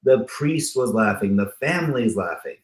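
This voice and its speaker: A man's voice: on the low side, lively intonation, normal speed. A man hosting a talk show, chatting playfully and reeling off long lists of words. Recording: roomy echo.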